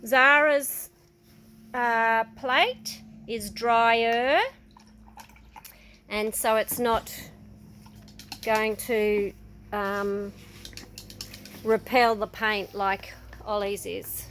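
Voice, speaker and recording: A woman's voice: on the high side, steady tone, very slow, long pauses, a bit bright, slight background noise. A woman teaching a casual ceramics workshop, patiently explaining each step while guiding children as they paint. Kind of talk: casual hands-on demonstration.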